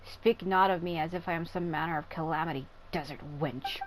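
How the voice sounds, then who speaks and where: A woman's voice: sits low, fairly quick, noisy background, natural voice. An actress voicing a proud, disdainful ancient female genie who speaks in a haughty, archaic way.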